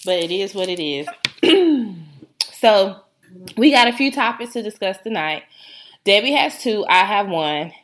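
A very animated woman from Rochester, New York, with a medium-pitched voice and a slightly slow pace, hosts a casual podcast talk show. She tells stories full of big laughs and joking slang, over a little hiss or hum.

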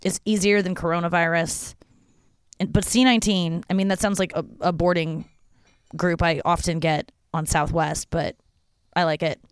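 A woman's voice: on the low side, steady tone, normal speed, clear, resonant tone, no room sound, studio quality. A young woman hosting a casual solo podcast from her porch at home, chatty and rambling, swearing freely. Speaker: podcast host.

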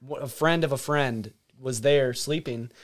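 A man's voice: mid-range voice, measured pace. A young man, a guest on a podcast, telling a story in a rambling, laughing, casual way with lots of filler words. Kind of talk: casual chat.

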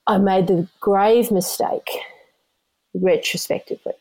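Animated woman in her fifties telling stories. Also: medium pitch, a little slow. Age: 50s. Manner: animated, laughs often, swears casually. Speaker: interview guest, former elite runner. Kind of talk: casual storytelling.

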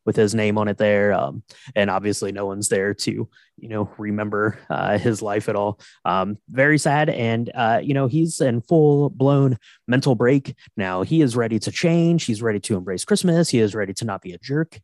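A man's voice: fairly low pitch, moderate pace, a little mellow, no echo. A man co-hosting a podcast, loosely recapping a film's plot with lots of fillers and amused asides. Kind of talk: casual chat recapping a film.

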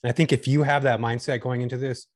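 A man's voice: mid-range voice, steady tone, fast, no room sound, clean studio sound. A man talking candidly and enthusiastically as a guest on a casual podcast chat. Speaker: guest, short-term rental host.

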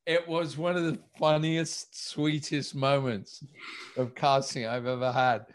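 The guest, a director, shares anecdotes about casting in a mid-range voice at a measured pace. He tells them with animation, voicing the dialogue himself.

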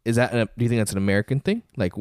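A man in a casual podcast chat who rambles through his thoughts, stacking up fillers and chuckling at his own jokes. His voice sits at a middle pitch, recorded close and dry with no room sound. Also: rapid-fire, darkish tone, clean tone, no echo. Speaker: podcast co-host.

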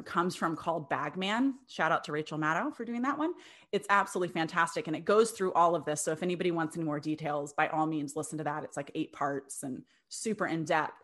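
A woman's voice: on the low side, moderate pace, a bit bright. A young adult woman casually telling a history story to a co-host, chatty, often laughing, with many fillers and restarts.

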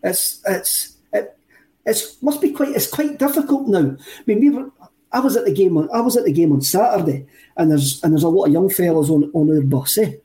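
Excitable Scottish man, high and mellow. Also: normal speed, poor audio. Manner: enthusiastic, rambling, repeats himself. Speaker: podcast co-host. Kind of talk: casual chat.

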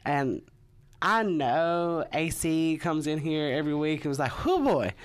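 A woman's voice: sits low, unhurried, clean tone. A woman, co-hosting a casual podcast chat and laughing often. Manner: laughs often, drawls "y'all". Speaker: podcast co-host.

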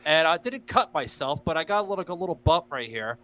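A man hosting a podcast with a bright, forceful voice that sits a little high. He tells stories in a loose, rambling way, peppered with fillers and swearing. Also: lively intonation, quick pace, no room sound. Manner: rambling, profane storytelling with many fillers. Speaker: podcast host. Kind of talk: casual podcast chat.

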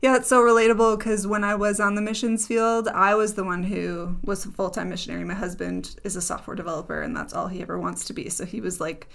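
A woman's voice: mid-range voice, fast talker, vocal fry, few pauses, fairly bright tone. A woman, once a full-time missionary, sharing her own story in casual conversation. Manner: relatable, conversational, many fillers. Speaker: former missionary.

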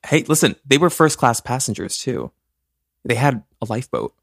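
A man co-hosts a casual podcast with a joking, storytelling manner. He laughs often and his delivery swings between animated peaks and quieter asides. His voice sits in a middle register, recorded close and dry. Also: medium pitch, moderate pace, creaky, husky, no room sound. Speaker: podcast co-host. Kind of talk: casual chat.

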